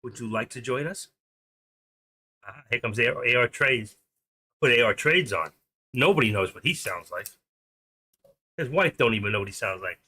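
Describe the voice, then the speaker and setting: A man's voice: medium pitch, animated, moderate pace, long pauses, sharp tone, breathy edge. A man in his sixties hosting a live stream, chatting in a rambling, opinionated way and reading off market numbers. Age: 60s.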